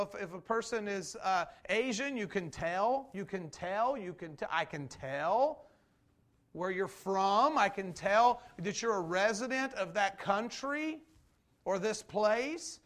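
A pastor with a high voice delivers a conversational sermon packed with rhetorical questions, shifting between loud emphasis and slow, quiet stresses.

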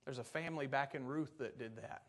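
A pastor preaching a sermon to his church, talking in a relaxed, folksy way with asides and stories, then pressing his points firmly. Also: mid-range voice, brisk. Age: adult parent. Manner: folksy and conversational, turning emphatic on doctrine.

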